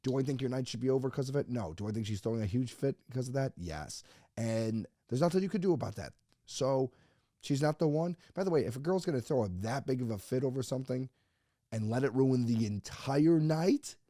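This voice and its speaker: Expressive and brisk, this medium-pitched host has a dark tone, recorded dry at studio quality. On his comedy podcast he reads out a listener's post and riffs on it jokingly.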